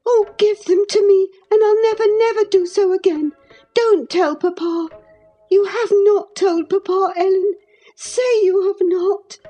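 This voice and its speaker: A woman's voice: measured pace, mellow, faint music behind. A woman voicing a sobbing, pleading young girl. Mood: tearful pleading. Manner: high, breathless sobbing pleas. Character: distraught teenage girl, pleading and tearful.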